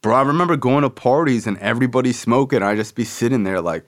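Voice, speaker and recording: A man's voice: medium pitch, fast talker. A young man hosting a podcast, telling a personal story in a loose, profane way and acting out the voices of people he quotes. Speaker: podcast host. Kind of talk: casual storytelling.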